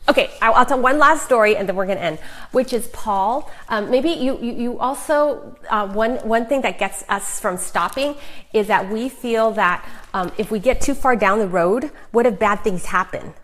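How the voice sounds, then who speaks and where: A middle-aged woman author giving a chatty, emphatic live talk of faith encouragement to viewers, with fillers and quick asides. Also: on the high side, fairly bright tone, rough recording. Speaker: author and Christian speaker.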